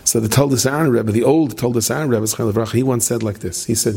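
A man's voice: mid-range voice, fast, creaky, few pauses, dark tone, a little hiss or hum. A man giving a religious talk as a storyteller, repeating words as he goes and dropping humorous asides. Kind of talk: storytelling sermon. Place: stage with plexiglass screen.

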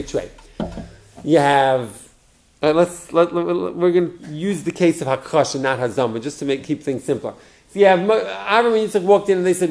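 Man teaching a Talmud lesson, slightly high voice. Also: a little hiss or hum. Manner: explains step by step with rhetorical questions, repeats terms; halting, restarts words.

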